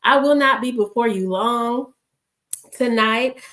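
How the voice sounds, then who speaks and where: A woman's voice: on the high side, takes it slowly, a bit bright. A woman hosting a ministry livestream, giving casual, encouraging bedtime words and blessing her viewers. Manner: upbeat, blessing viewers, easygoing fillers. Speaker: ministry host. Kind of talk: casual encouraging devotional talk.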